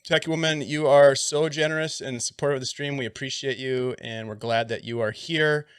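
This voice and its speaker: A man hosting a live tabletop game stream, playful and gushing with praise. His voice sits at an ordinary middle pitch. He jokes freely between introductions. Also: steady tone, a little fast, smooth. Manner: playful, effusive, joking. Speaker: game master and host.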